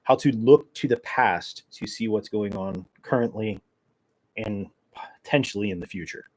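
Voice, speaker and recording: A man's voice: on the low side, moderate pace, poor audio. A man hosting his podcast in a casual solo chat, rambling and joking in a caffeine-wired way with plenty of fillers. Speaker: podcast host.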